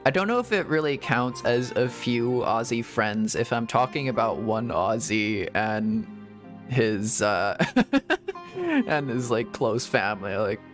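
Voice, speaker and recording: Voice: mid-range voice, very animated, slow pace, faint music behind. A VTuber streamer chatting casually and rambling through a game stream, full of "like"s, restarts and giggles. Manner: rambling, filler-heavy talk with many "like"s and restarts; frequent giggling. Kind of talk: casual gaming stream chat.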